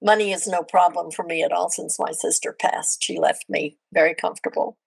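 A woman's voice: fairly low pitch, steady tone, a little fast, vocal fry, slightly rough, no echo, low-quality recording. An older woman, a podcast guest, telling her missionary stories in casual, chatty conversation. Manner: chatty, anecdotal. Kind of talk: casual storytelling interview.

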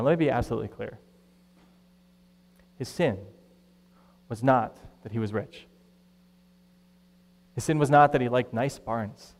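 Animated pastor in an echoey hall. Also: male voice, mid-range voice. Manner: conversational, animated, acts out quoted voices. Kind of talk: sermon.

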